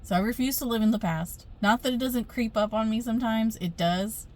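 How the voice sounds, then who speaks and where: A woman's voice: fairly high pitch, a little fast, hardly any pauses, darkish tone, a little hiss or hum. A middle-aged woman telling a rambling storytime vlog into her phone camera, chatty, with many fillers and frequent laughs. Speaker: spiritual vlogger.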